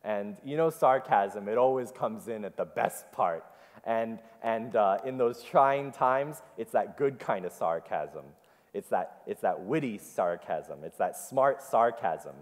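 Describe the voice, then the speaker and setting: Lowish and animated, a man's unhurried voice delivers an interactive sermon in a church sanctuary. He repeats what the congregation answers and narrates the story with animation, all under long church hall reverb.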